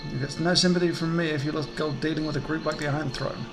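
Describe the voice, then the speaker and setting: A man's voice: on the high side, fairly even intonation, music in the background, lightly acted, rough recording. A man voicing a haughty, wealthy noblewoman in a game, complaining in an offended, indignant tone. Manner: huffy, offended, rapid complaining.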